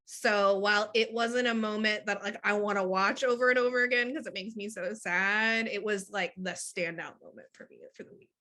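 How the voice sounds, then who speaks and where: A woman's voice: medium pitch, fairly even intonation, moderate pace, hardly any pauses, bright, forceful tone. A woman hosting a podcast in casual chat, thoughtful and analytic. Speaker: podcast host.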